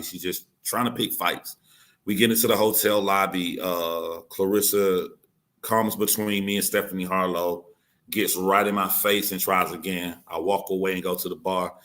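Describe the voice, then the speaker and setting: Low-voiced man telling a heated story. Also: fairly bright tone. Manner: blunt and profane, acting out what others said; insistent, repeating key points. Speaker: YouTuber telling his side of a dispute.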